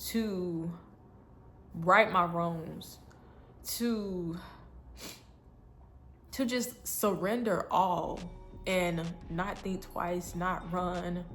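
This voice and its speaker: A woman's voice: lowish voice, steady tone, drawn-out words, pauses often, fairly bright tone, slight background noise. A woman telling an emotional personal faith story to her viewers in an earnest, repetitive way. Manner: earnest, repetitive, breaks into tears and laughs. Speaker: faith vlogger.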